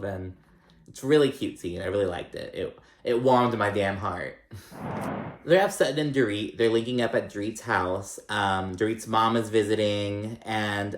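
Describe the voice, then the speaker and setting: A man with a lowish voice rambles through a reality TV recap, loose and profane, leaning on filler words. The sound bounces around an echoey room. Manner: chatty, profane, rambling with many likes. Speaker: recap vlogger.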